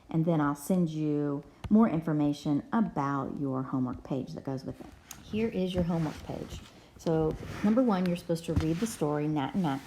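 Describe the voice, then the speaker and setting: A woman's voice: low voice, dark tone. A woman teacher giving a reading lesson to young children, patiently spelling words out letter by letter.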